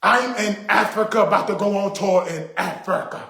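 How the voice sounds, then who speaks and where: A middle-aged man with a fairly high voice delivers an indignant, preachy rant straight to camera, hammering his points home by repeating them. The sound bounces around an echoey room. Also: normal speed, gravelly, pushed and bright. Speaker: vlogger. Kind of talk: ranting monologue to camera.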